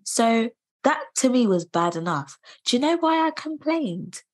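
A woman in her thirties telling her story in a casual conversation, animated and indignant. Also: on the high side, measured pace. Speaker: guest sharing her story.

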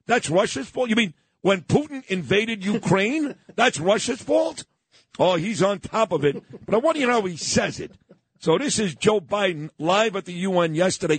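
A man's voice: high-pitched, no echo. A middle-aged man hosting a morning radio talk show, opinionated and emphatic, often repeating himself for effect. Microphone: studio broadcast mic.

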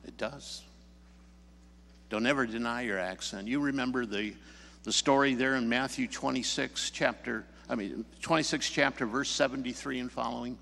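A man's voice: medium pitch, fairly even intonation, normal speed, gravelly, sharp tone, long reverb tail, slight background noise. A man from the Chicago area preaching a sermon, telling stories and pressing the congregation with emphatic questions. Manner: storytelling, rising emphatic questions. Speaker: pastor. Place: church sanctuary.

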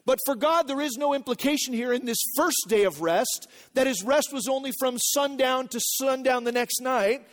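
A man's voice: very high-pitched, moderate pace, few pauses. A male pastor preaching a sermon in an earnest teaching manner, repeating key phrases and checking that the congregation follows.

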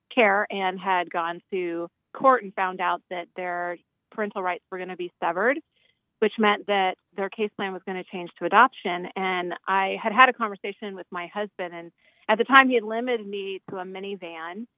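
A woman's voice: medium pitch, dry recording. A woman guest and nonprofit founder calling in from a closet at home, telling her story in an earnest, candid way. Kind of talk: conversational interview storytelling. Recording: dry, tinny phone-like line.

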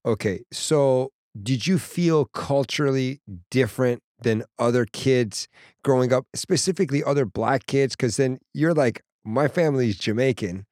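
A man hosting a casual interview, an animated storyteller who acts out voices and laughs often. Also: mid-range voice, a little slow, no echo, clean studio sound. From Persian background. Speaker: podcast host.

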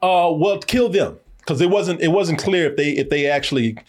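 A man hosting a podcast in casual chat, animated and laughing often as he acts out scenes. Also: fairly high pitch, moderate pace. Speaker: podcast host reviewing a show.

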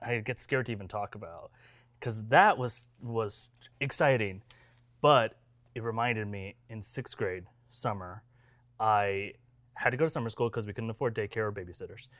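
A man's voice: mid-range voice, no echo. Rambling man telling a story. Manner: rambling, animated storyteller with many restarts. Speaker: podcast co-host. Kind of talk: casual storytelling chat.

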